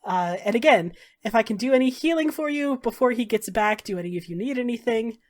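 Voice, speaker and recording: Lady doing a polite fancy mage guy, soft and smooth. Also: on the high side, expressive, brisk, close to an everyday voice. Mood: reassuring. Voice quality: soft, courteous. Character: smooth polite male mage, well-dressed gentleman.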